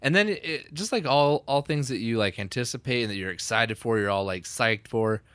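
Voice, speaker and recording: A man's voice: mid-range voice, lively intonation, brisk, fairly bright tone, smooth, no room sound. A man co-hosting a podcast with his wife, chatting casually, joking and swearing freely. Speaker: podcast co-host. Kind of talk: casual chat.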